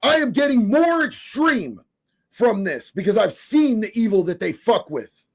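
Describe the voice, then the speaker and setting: A man's voice: sits high, sing-song, measured pace. A man from Oregon reading viewer comments on a live stream, fiery, profane and emphatic.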